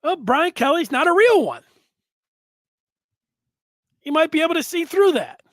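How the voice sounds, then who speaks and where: A man's voice: very high-pitched, very animated, a little slow, no echo. A man hosting a casual sports talk show, reading viewer comments aloud and rambling with frequent restarts.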